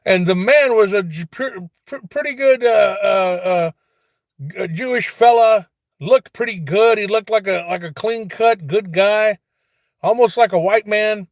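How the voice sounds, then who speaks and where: A man's voice: sits high, measured pace, dry recording. A man voicing a preachy, forgetful old grandfather who rants, stammers and drifts into rambling asides in a satirical comedy monologue. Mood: ranting.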